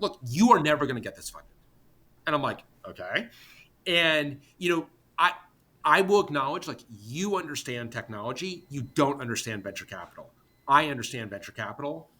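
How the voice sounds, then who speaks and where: Middle-aged man, husky, bright forceful tone, lively swooping pitch, emphatic and blunt, bursts of restarts. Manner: emphatic and exasperated, blunt with occasional profanity; talks in rapid bursts with many restarts and fillers. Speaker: podcast guest, tech company co-founder. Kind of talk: animated storytelling in conversation.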